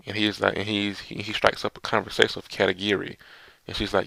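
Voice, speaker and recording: Low gravelly man reviewing a manga chapter. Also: flat delivery, normal speed, pushed and bright, no echo. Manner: rambling, stop-start, reads dialogue aloud without doing voices, chuckles. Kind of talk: casual manga chapter review, reading panels aloud.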